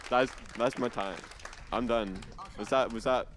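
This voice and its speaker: A man's voice: mid-range voice, unhurried, fairly bright tone. A young man doing a stand-up set on a student stage, stammering, giggling and self-deprecating. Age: young adult. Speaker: stand-up comedian. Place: student comedy stage before a live audience.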